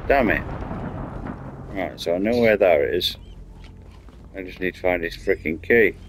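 A man's voice: low voice, animated, a little slow, a little hiss or hum. A man chatting casually while streaming a game, telling rambling, sweary stories. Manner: rambling storytelling, swears freely. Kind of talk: casual chat while playing.

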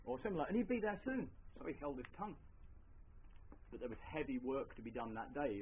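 A man's voice: fairly high pitch, slight background noise. A man telling a folk tale live, with wry asides to his audience. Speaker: storyteller. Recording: lo-fi live recording, faint ambience.

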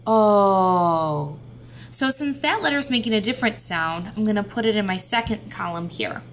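A woman teaching a phonics lesson to young children, sounding out each letter slowly and clearly. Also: medium pitch, a bit bright, slight background noise.

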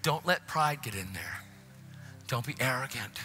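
A man preaching a passionate sermon in a church, often dropping into hushed whispers. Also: mid-range voice, expressive, measured pace, soft background music. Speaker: guest preacher. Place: church, faint music behind.

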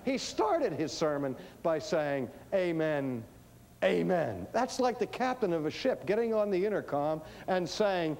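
A man delivering a teaching sermon, emphatic and dramatic, swinging between hushed lines and booming ones. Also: very animated, a little slow, vocal fry. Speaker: preacher.

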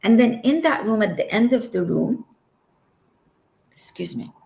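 Slow-talking woman, echoey room. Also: on the high side, lively intonation, gravelly, darkish tone. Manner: emotional, trails off and laughs between phrases. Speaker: interview guest. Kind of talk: personal storytelling.

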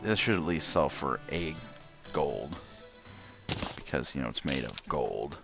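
Low gravelly man playing a game. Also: animated, measured pace. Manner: muttering to himself, bursts of frustrated yelling. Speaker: let's play gamer. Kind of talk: casual gameplay commentary. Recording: gameplay with loud game music behind.

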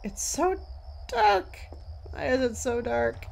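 A woman's voice: mid-range voice, lively intonation, unhurried, slight background noise. A woman commentating a horror game as she plays, a little tired, jumpy and swearing as she jokes to herself. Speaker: let's play gamer.

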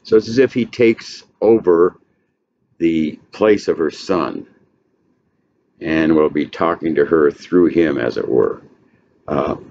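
A man giving an informal literary lecture, rambling, with many pauses and filler sounds. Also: sits low, darkish tone. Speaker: literature presenter. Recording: dull lo-fi recording, faint hiss.

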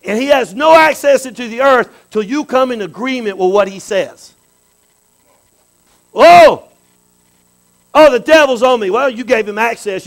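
High-voiced preacher man. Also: poor audio. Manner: animated, repetitive, calls for amens. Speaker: bishop preaching. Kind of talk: sermon.

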